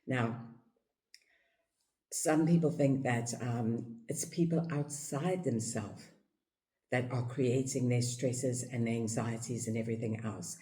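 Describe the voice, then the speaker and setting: A woman with a South African accent giving a reflective teaching talk on life outlook, repeating phrases for emphasis. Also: slow. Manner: acts out parents' voices in a high, excited tone. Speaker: yoga teacher and speaker.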